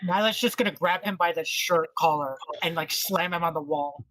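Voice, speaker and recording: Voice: medium pitch, moderate pace, few pauses, fairly bright tone, low-quality recording. Casual player with loose, filler-heavy talk. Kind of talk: playing a tabletop game.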